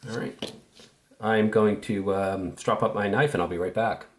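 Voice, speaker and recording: A man's voice: fairly low pitch, steady tone, unhurried, slight background noise. A man giving an easygoing, step-by-step tutorial while he works, thinking aloud as he goes. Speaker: woodcarving instructor.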